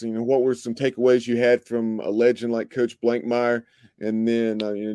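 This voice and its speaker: Host: mellow-toned man, even delivery, dry close sound, asks with ums. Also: mid-range voice, clean tone, dry recording. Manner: measured questions with "um" and "uh" fillers. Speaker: podcast host. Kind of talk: sports podcast interview questions.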